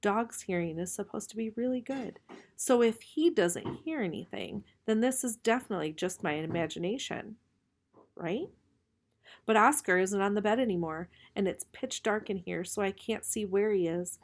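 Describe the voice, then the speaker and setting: A woman reading a novel aloud in a calm, measured way, slowing for suspense. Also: medium pitch, a little hiss or hum. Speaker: reader.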